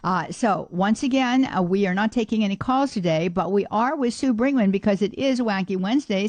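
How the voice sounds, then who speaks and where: A woman hosting a radio talk show, chatting casually with listeners and often pausing on "uh" fillers. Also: mid-range voice, no room sound. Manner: chatty and warm-hearted, many "uh" fillers, laughs easily.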